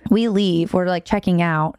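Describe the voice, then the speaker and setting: A smooth-voiced young woman telling a story. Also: lowish voice, no room sound, clean studio sound. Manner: animated and quick, often laughing mid-story. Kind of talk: casual storytelling chat.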